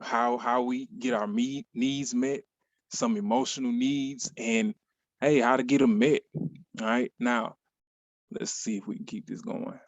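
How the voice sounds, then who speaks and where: A man speaks at a medium pitch in a relaxed motivational talk to an online audience, repeating key phrases and asking "right?" often. The sound is dull and lo-fi, dry with no room around it. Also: a little slow, no echo. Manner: conversational, repeats phrases for emphasis, asks "right?".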